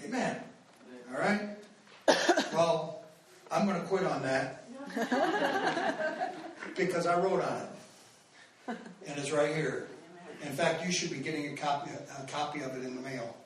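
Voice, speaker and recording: High-voiced preacher in an echoey hall. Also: male voice, measured pace, long pauses, a little hiss or hum. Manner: animated, rambling with restarts and fillers. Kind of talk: storytelling sermon. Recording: echoey hall, mic far off.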